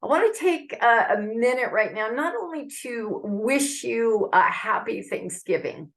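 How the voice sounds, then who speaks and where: Earnest woman with a gravelly edge. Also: on the high side, animated, unhurried, fairly bright tone. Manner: earnest, heartfelt, conversational. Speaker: Christian speaker. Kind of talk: devotional message with prayer.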